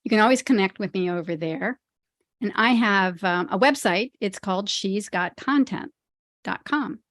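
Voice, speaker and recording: A woman's voice: mid-range voice, moderate pace, fairly bright tone, no room sound, clean studio sound. A friendly, chatty woman speaking as a podcast guest, who laughs easily. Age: older. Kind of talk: casual interview chat.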